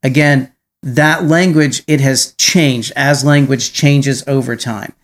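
A man's voice: medium pitch, steady tone, takes it slowly. A man hosting a podcast in casual chat, rambling with many restarts and frequent tag questions. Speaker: podcast host.

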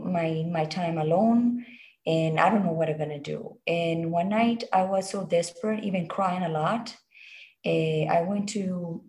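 Halting, lower-voiced woman telling her story. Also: a little mellow. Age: adult. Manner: halting, many restarts and repeated words. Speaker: interview guest. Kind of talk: personal storytelling.

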